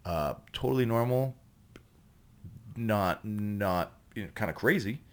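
A man's voice: lowish voice, expressive, slow pace. A Canadian actor, a man, chatting as a podcast guest and telling rambling, profane stories full of restarts. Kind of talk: casual storytelling chat.

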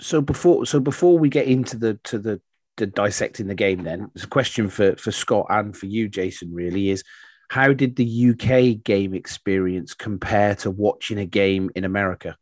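A man's voice: on the low side, normal speed, a little mellow, dry recording. A man co-hosting a sports podcast, talking in a wry, self-deprecating way. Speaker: podcast co-host. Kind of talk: casual sports chat.

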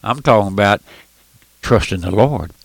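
An older preacher with a squeaky, folksy voice, rising and falling with fervor and a gravelly edge. He preaches a radio sermon, repeating himself and addressing his listeners as friends. The sound is dry and close. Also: animated, normal speed, no echo. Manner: fervent, repetitive, calls listeners friend and folks.

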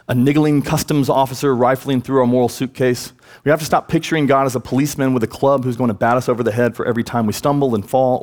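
Earnest male pastor preaching. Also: darkish tone. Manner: earnest, rises in pitch for emphasis, acts out quoted words. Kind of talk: sermon. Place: church sanctuary.

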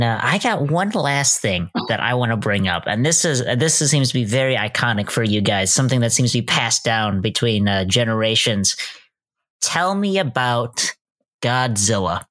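A man hosting a podcast interview, asking questions in a measured, halting way. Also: mid-range voice, animated, a bit bright. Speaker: podcast host.

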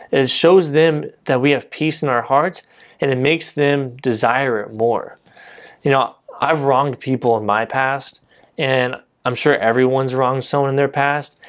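A man giving a casual, conversational sermon, often saying "you know" and restarting his sentences. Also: mid-range voice. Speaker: preacher.

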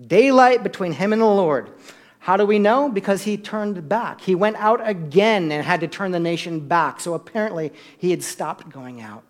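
A man with a high voice preaches to his church. His delivery swings between hushed, conversational asides and loud, emphatic climaxes, often tossing questions out to the listeners. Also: normal speed, hardly any pauses. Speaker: pastor. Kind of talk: sermon.

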